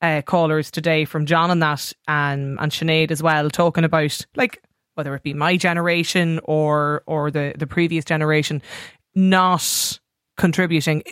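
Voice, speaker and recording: Woman radio host, relaxed, conversational, dry studio sound. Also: low-pitched, normal speed, clean tone, no echo. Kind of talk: radio phone-in hosting.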